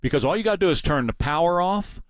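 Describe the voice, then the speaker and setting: A man's voice: on the high side, expressive, no echo. Emphatic male talk radio host. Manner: emphatic, fast opinionated talk.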